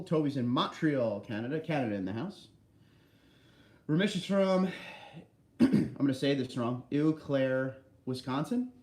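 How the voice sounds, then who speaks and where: Male stream host, mid pitch, easygoing chat-reader, roomy echo. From New Jersey. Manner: friendly, greets viewers by name, relaxed banter. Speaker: livestream host reading viewer chat. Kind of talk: casual livestream chat.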